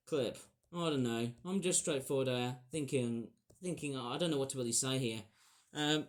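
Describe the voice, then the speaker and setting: A young man with a slightly high voice talks his way through a toy review. He rambles, apologises for himself and trails off into ums and you-knows before finding his thread again. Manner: rambling, self-deprecating, full of fillers. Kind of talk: casual toy review vlog.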